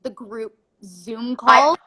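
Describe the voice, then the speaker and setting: A woman's voice: fairly high pitch, steady tone, slow, pushed and bright, poor audio. A woman in her twenties, a guest in a casual chat, telling stories animatedly and laughing easily.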